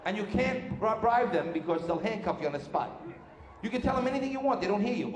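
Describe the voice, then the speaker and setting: Performing stand-up before a live audience, a man delivers brash, rapid-fire jokes and does character voices in a high-sitting voice with lively intonation. There's a little hiss or hum over echoey club sound with room reverb.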